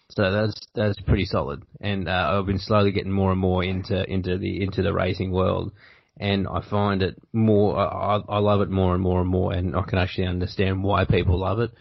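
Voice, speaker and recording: A man's voice: low voice, vocal fry, slightly rough, dry recording. An Australian man hosting a podcast in casual chat, rambling and interrupting himself. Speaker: podcast host. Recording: dull lo-fi audio.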